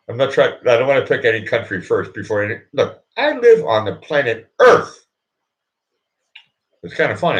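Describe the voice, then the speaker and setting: A man hosts his own live show in a meandering comic monologue, stumbling over restarts and coming back again and again to the same filler word. He talks at an unhurried, drawn-out pace, and his pitch swings up and down a lot. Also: fairly bright tone. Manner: rambling, keeps repeating "look", stops and restarts.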